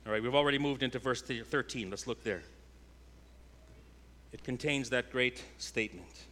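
A pastor preaching a sermon, a man whose delivery swings between loud, emphatic declarations and hushed, intense passages. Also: medium pitch, moderate pace, pauses often.

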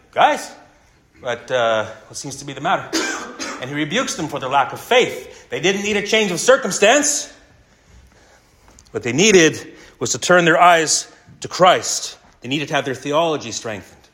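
A man preaching a sermon earnestly, slowing down and repeating key lines for emphasis. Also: on the high side, sing-song, fairly bright tone. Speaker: pastor.

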